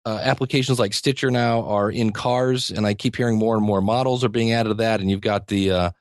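Guest: man, middle pitch, eager and rambling, chuckles often, dry close sound. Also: fairly even intonation, a little fast, no echo. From United States. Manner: rambling and enthusiastic, many restarts and chuckles. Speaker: podcasting teacher, guest. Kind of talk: conversational interview.

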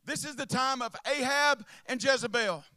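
A man preaching a sermon to a congregation, swinging from hushed asides to impassioned shouts and calling out to listeners by name. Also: extremely high pitch, normal speed, no echo. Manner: calls out to the congregation.

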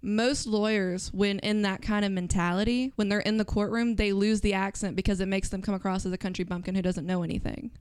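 Woman, smooth clear voice, dry close sound, calm, explaining, casual movie chat. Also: medium pitch, no room sound. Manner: measured, explains points calmly.

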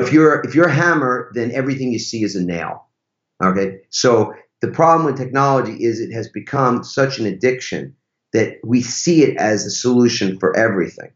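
A man who is a podcast guest, speaking in an emphatic, casual way and using rhetorical questions. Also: on the low side. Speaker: podcast guest, relationship teacher. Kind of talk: casual conversational interview. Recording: roomy, slightly dull sound.

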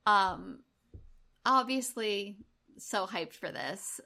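A woman co-hosting a casual podcast chat, upbeat with quick short replies. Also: fairly low pitch, pushed and bright. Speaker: podcast co-host.

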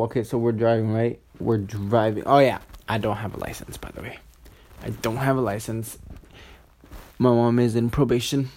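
A young man of about eighteen tells a long storytime tale in a loose, rambling way. He swears freely, leans on "like" and restarts his sentences over and over. His voice sits at an ordinary pitch for a man. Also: a little mellow. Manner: rambling, profane, full of "like" and restarts. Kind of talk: casual storytime monologue.

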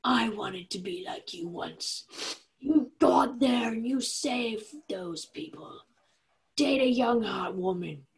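A woman's voice: a little high, expressive, slow pace, vocal fry, heavily acted. A woman doing a frail old robot dad. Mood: pleading. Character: frail old robot father on his deathbed.

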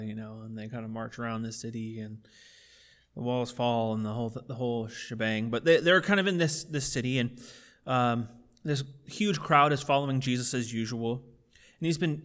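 A man's voice: mid-range voice, fairly bright tone. A man preaching a casual, conversational sermon with plenty of fillers, building in intensity as he goes. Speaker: pastor.

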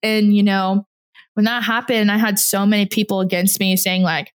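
A woman's voice: mid-range voice, little pitch movement, normal speed. Chatty young woman telling a story. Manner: chatty, quotes people in little voices, laughs often. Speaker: guest. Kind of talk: casual chat.

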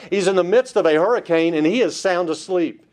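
A man with a fairly high-pitched voice preaches a Bible-study sermon. He is emphatic and keeps putting rhetorical questions to his listeners. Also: normal speed, darkish tone. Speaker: pastor.

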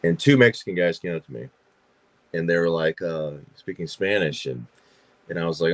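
Very deep-voiced man telling stories. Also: moderate pace, no room sound. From Georgia, USA. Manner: chatty storyteller, frequent fillers and repeats. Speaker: podcast guest, actor and filmmaker. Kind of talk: casual interview chat.

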